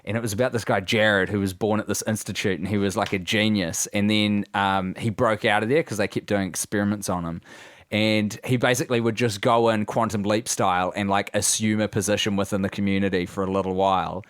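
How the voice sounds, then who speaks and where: Kiwi guy on a comedy podcast, lowish voice, rambly and sweary, dry close mic. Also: steady tone, brisk, no room sound. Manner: rambling, jokey, swears casually. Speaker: podcast co-host.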